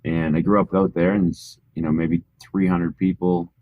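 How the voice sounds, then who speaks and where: Low-voiced Canadian man telling stories. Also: moderate pace, narrow, tinny audio. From rural Alberta, Canada. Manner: relaxed, modest, with frequent fillers. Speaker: guest. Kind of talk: casual interview storytelling.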